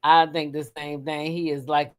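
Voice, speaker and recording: At a moderate pace and in a level tone, a female livestream host dishes gossip with her chat, swearing freely. She breaks into high shrieks whenever she relives her reactions.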